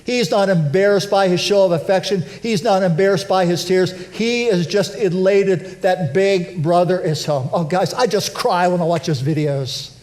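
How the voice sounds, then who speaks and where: A male pastor giving a conversational, animated church sermon with self-deprecating humor. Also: high voice, normal speed, few pauses. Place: church sanctuary.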